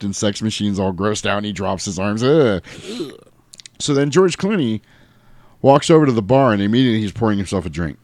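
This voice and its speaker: A man's voice: on the low side, no echo. A man co-hosting a casual chat, animatedly recapping a movie and acting out its lines with laughter. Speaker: podcast co-host.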